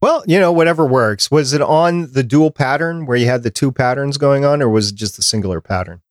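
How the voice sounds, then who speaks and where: A man's voice: mid-range voice, fairly quick, no echo, studio quality. A man hosting a podcast, chatting casually and reading listener feedback aloud. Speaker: podcast host.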